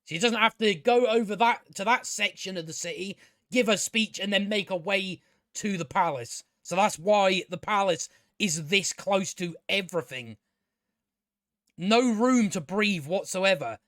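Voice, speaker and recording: A man's voice: sits high, fairly bright tone, dry recording, studio quality. A man reviewing a TV show in a casual solo rant, sarcastic and profane, often stammering and restarting his sentences.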